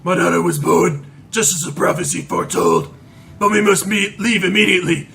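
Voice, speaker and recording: A man's voice: high voice, sing-song, fairly quick, vocal fry, a bit bright, a little hiss or hum, heavily acted. A man voicing a desperate father reading out his urgent journal entries.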